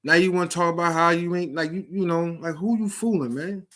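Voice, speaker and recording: A middle-aged man talks straight to young people about the streets and prison, with plenty of cursing and hard emphasis. His voice sits a little on the high side for a man. He sounds like a preacher working the street corner. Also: steady tone, fairly quick, a bit bright. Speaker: vlogger giving advice to at-risk youth. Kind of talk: blunt motivational talk to camera.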